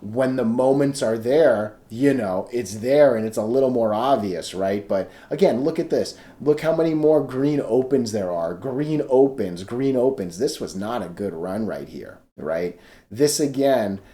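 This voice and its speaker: A man's voice: mid-range voice, lively intonation, a little slow, warm tone. A man giving casual stock chart commentary, loose and chatty, often checking in with "right?" and restarting his sentences.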